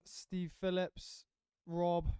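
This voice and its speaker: A man commentating a surf contest in a casual, jokey way, chatty and quick to laugh. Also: sits high, monotone, warm tone, clean tone, dry recording.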